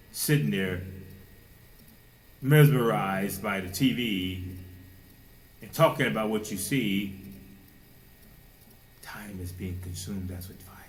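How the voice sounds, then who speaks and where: A man preaching a sermon with fervor, firing rhetorical questions and now and then mocking people in a high, put-on voice. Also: a little hiss or hum, rough recording.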